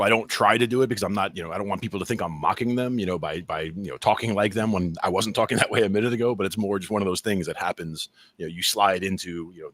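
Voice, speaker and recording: A man from New Jersey with a New Jersey accent, co-hosting a podcast in casual chat and telling lively stories. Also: deep voice. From New Jersey, USA. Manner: animated storyteller, acts out quoted voices. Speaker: podcast co-host.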